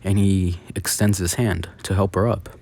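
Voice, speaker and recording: A man's voice: low-pitched, level tone, normal speed, vocal fry, warm tone. A man improvising a casual fan story, rambling with many fillers and restarts.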